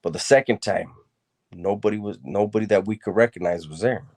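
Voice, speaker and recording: A man's voice: lowish voice, brisk, darkish tone. A man telling a personal story from his past in a loose, casual way, full of street slang and repeated words.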